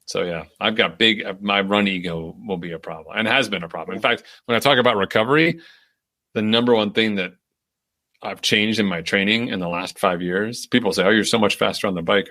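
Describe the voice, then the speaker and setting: With a fairly low voice on a dry recording, this podcast co-host spins casual stories, voicing his own inner thoughts. He laughs frequently and leans on plenty of fillers.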